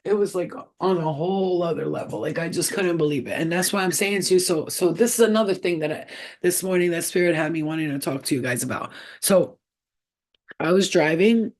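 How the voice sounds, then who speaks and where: A woman's voice: on the low side, a little fast, darkish tone. A woman who works as a psychic medium, chatting casually in a slangy vlog and laughing often, recorded on a laptop's built-in mic at home. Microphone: laptop built-in camera mic.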